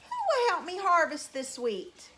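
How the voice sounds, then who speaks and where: A woman's voice: extremely high pitch, very animated, unhurried, fairly bright tone, pitched above the performer's own voice, exaggerated voice. A woman voicing a hardworking hen in a storybook tale, asking earnestly and emphatically.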